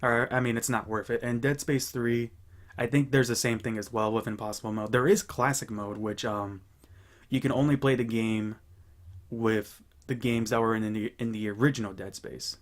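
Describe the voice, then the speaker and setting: A young man chatting casually as host of a gaming channel, rambling and relaxed with many fillers and restarts. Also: medium pitch, normal speed. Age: young adult. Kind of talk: casual chat.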